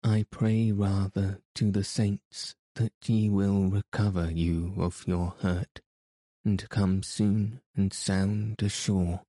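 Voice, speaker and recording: An earnest, loyal young squire, voiced by a man reading an audiobook answers in respectful, old-fashioned phrases. The delivery is slow and even, with a dark, mellow tone and a dry sound. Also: deep voice, no room sound. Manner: archaic, respectful speech.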